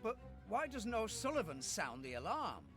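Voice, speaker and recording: An actor playing an excitable, talkative young male prison guard. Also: high-pitched, normal speed, over music, full character voice.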